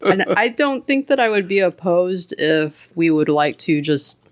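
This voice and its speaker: A woman's voice: on the low side, animated, unhurried. A woman who is a co-author guest on a podcast, chatting casually and chiming in upbeat.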